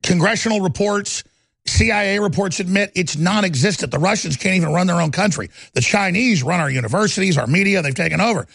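A man hosting a political talk show, speaking in an emphatic, indignant, rapid-fire manner. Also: high-pitched, vocal fry, a bit bright, dry recording. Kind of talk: heated political talk radio.

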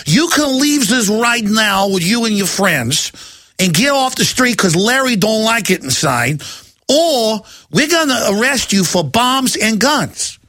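A man voicing a smug, pipe-smoking gangster-style cop who taunts slowly and sneers. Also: sits high, sing-song, pushed and bright, no echo, studio quality, heavily acted. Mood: taunting.

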